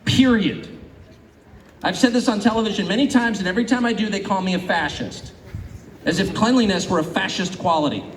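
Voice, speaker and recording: A middle-aged man from California gives a public speech to an audience, animated and sarcastic, mocking imagined critics. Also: sits high, a little fast, a little hiss or hum. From California, United States. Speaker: guest speaker. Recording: echoey hall, faint ambience.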